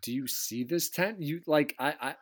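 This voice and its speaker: A man's voice: on the high side, moderate pace. A man hosting a casual chat, teasing and swearing a lot as he asks his guest questions. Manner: profane, teasing, animated. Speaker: podcast host.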